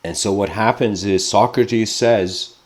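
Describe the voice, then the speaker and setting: A man's voice: lowish voice, unhurried. Laid-back man giving a rambling lecture. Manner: rambling, informal, many fillers. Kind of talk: casual lecture.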